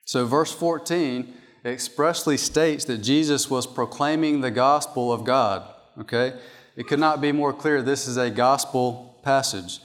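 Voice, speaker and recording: A man's voice: mid-range voice, a little slow. A man preaching a sermon from an outline, emphatic and repeating his key points. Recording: long hall reverb.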